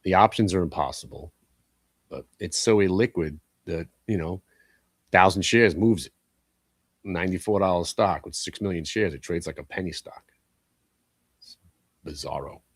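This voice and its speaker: A man with a low, voice runs live trading commentary on a stock show. He talks bluntly, swearing at stocks and getting worked up. The sound is dry and close. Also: moderate pace, long pauses, no echo. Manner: blunt, animated, swears and yells at the market.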